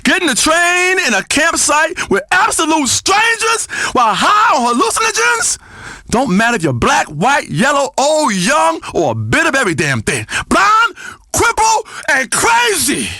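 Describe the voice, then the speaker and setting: An actor playing a crude, boastful male spiritual-guru radio host, preaching loudly and swinging between growls and shouts. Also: extremely high pitch, huge pitch swings, measured pace, no room sound, studio quality, full character voice. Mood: brash. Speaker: radio talk show host. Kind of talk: comedic radio talk show.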